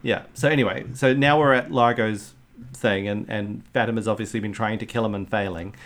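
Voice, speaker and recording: A man chatting casually about a film, animated and swearing, sometimes quoting lines in put-on voices. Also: lowish voice, a little fast. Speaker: film podcast co-host. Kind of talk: casual chat.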